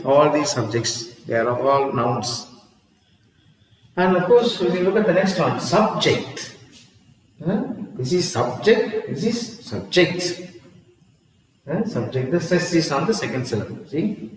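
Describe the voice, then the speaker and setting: A man, teaching a lesson in a slow, repetitive way and often asking "see?" and "huh?". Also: mid-range voice. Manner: slow, repeats each word, asks "see?" and "huh?". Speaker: English teacher. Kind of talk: classroom lesson. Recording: echoey room with long reverb.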